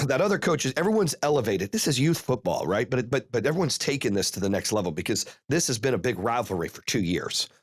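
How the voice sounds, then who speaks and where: A man hosts a podcast and tells a story casually, with plenty of cursing. He drives the story forward in rapid play-by-play bursts at an ordinary pitch. The sound is dry and close, with no room around it. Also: husky, no room sound. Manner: profane, animated, rapid play-by-play. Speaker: podcast host.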